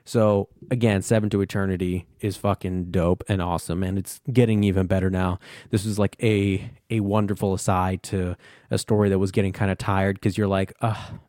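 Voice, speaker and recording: A man's voice: sits low, flat delivery, a little fast, darkish tone, no echo, studio quality. A man hosting a comic book podcast, recapping an issue in a loose, rambling way and swearing often.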